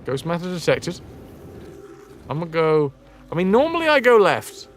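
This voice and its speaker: A young man streaming a game live, chatting excitedly to his viewers with swearing and jokey asides. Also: a little high, moderate pace, slight background noise. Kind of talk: live gameplay commentary.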